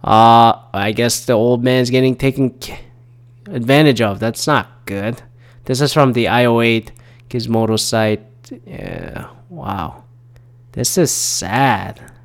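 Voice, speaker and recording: A man's voice: medium pitch, expressive, slow, pauses often. Rambling, profane man in his thirties. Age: 30s. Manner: rambling, profane, lots of fillers and restarts. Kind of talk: casual solo commentary.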